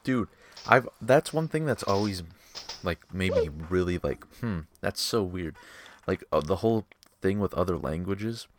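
A man's voice: sits low, expressive, unhurried. A young man hosting a casual podcast chat, argumentative, swearing a lot and pushing his questions. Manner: argumentative, swears often, voice jumps up when worked up. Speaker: podcast host.

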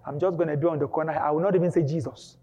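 A preacher putting on the voice of cowering demons who beg and whine for mercy, in a hall with a long echo. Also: male voice, on the high side, steady tone, very fast, mellow, soft background music, pitched below the performer's own voice, natural voice. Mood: pleading. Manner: begging, whining. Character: pleading cowering demons, groveling. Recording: dull lo-fi with long hall reverb.

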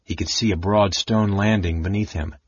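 A male audiobook narrator reading steadily, his voice low and husky. The recording is dry and dull, with a lo-fi feel. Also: steady tone, normal speed, no echo. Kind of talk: scripted narration.

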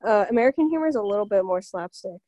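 A woman hosting a casual interview, relaxed and affirming, often answering with short reactions. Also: mid-range voice, very fast, no room sound. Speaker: host.

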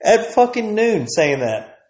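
His voice sits high and a little mellow, swinging widely in pitch as he takes his time, with a roomy sound. He's a podcast host from Texas in his 30s, rambling through a profane, crude comic rant and laughing a lot.

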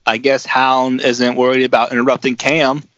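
A man's voice: medium pitch, flat delivery, moderate pace, a bit bright, no room sound, muffled recording. A man co-hosting a wrestling podcast in casual chat, profane and rambling. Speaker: podcast co-host.

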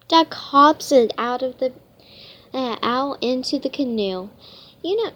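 Halting, high-voiced woman reading aloud. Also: a bit bright, highs cut off. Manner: halting, many false starts and self-corrections. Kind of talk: reading a children's novel aloud.

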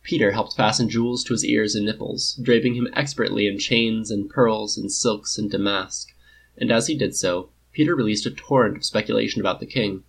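A man narrating a story in a measured, even reading voice. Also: on the low side, vocal fry, slightly rough.

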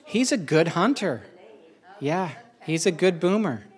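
Middle-aged guy rambling on, kinda high voice, gets emotional, repeats himself a lot. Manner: rambling, emotional and animated, with quick asides and repetition. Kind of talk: casual spoken monologue.

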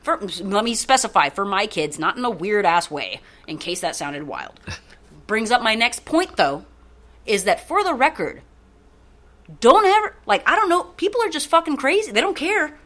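A woman's voice: fairly high pitch, moderate pace. A woman co-hosting a podcast, rambling through a story in casual chat and swearing freely. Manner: profane, rambling, animated. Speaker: podcast co-host.

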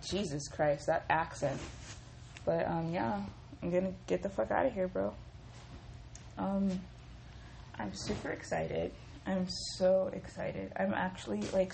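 A young woman hosting a casual solo podcast, telling stories in a profane, animated way and acting out what people said. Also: sits low, creaky, a little hiss or hum. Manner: profane, animated storytelling with quoted voices. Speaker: podcast host.

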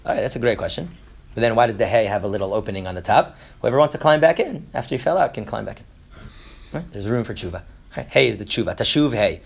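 A man giving an informal Torah lesson, rambling with fillers and restarts, mixing in Hebrew terms and slipping into quick comic voices for characters. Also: lowish voice, lively intonation, vocal fry, slightly rough. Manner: mixes Hebrew terms into English. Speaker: Torah teacher. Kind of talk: informal lecture.

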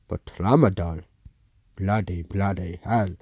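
A man's voice: low-pitched, fairly even intonation, unhurried, dark tone, dry recording, studio quality. A man hosting a podcast, reading news aloud with blunt, sweary, rambling asides. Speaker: podcast host.

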